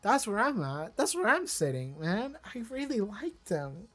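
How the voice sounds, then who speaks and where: An excitable reaction-channel host who rambles, swears freely and jumps between thoughts. The voice sits at an ordinary middle pitch. Now and then they read wiki text aloud in a flatter tone. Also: measured pace, soft background music. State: voice briefly cracking. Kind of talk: casual reaction commentary.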